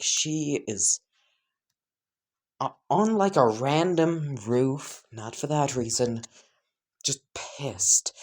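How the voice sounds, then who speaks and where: A man telling an improvised fan story in a casual way, often chuckling and restarting his sentences. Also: medium pitch. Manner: chuckling, casual, self-interrupting. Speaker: fan fiction narrator.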